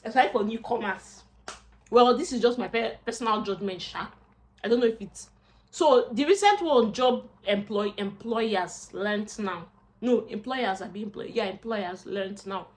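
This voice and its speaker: Unhurried and medium-pitched, a young Nigerian woman vlogs casually to camera about job seeking. She's expressive and drifts into Pidgin asides.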